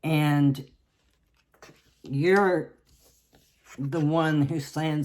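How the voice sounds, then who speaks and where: A woman from the South, giving a tarot reading in a slow, halting way with many restarts. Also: rumbling low, steady tone, darkish tone. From Southern United States. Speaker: tarot reader.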